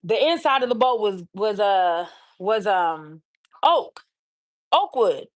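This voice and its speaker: A woman host on a livestream earnestly retells a story she heard, returning again and again to "she said". Her voice sits at an ordinary middle pitch. The sound is close and dry, with no room around it. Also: expressive, slow, no echo. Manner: earnest retelling with many repeated "she said" asides.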